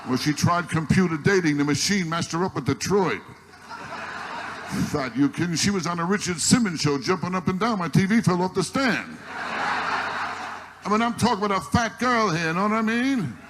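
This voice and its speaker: A man's voice: sits high, animated, moderate pace. A man doing a stand-up comedy set on stage, firing off one-liners in an exasperated, complaining way. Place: live stage before an audience. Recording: noisy archival live recording.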